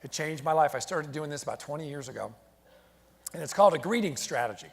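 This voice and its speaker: On stage, an American man with a fairly high, energetic voice that's creaky with a breathy edge gives a fast-talking motivational keynote. He shares stories and calls on the crowd to answer back, and they respond and laugh as his voice rings out with the long reverb of a large event hall.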